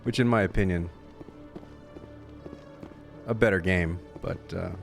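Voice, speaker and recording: A man's voice: sits low, unhurried, gravelly, soft background music. A male streamer chatting casually, tired and a little loopy late at night, rambling as he plays. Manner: rambling, with lots of fillers and restarts. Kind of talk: casual chat.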